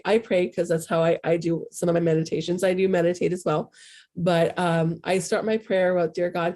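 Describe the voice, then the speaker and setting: Here a middle-aged woman speaks in a lowish, warm voice. As the spiritual coach who hosts the show, she chats in a casual, heartfelt way, rambling openly and poking fun at herself.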